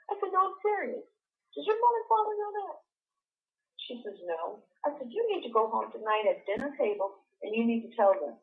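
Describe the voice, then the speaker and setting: Animated woman teacher telling classroom stories. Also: mid-range voice, vocal fry. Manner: animated storyteller acting out quoted voices. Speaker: guest teacher. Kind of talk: storytelling in a radio talk show. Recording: phone-line call-in audio.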